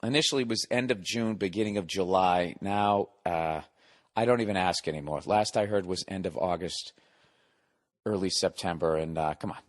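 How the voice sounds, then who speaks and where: A comedian hosting a podcast, telling a long profane story in a casual monologue, exasperated and sarcastic. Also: male voice, sits low, normal speed.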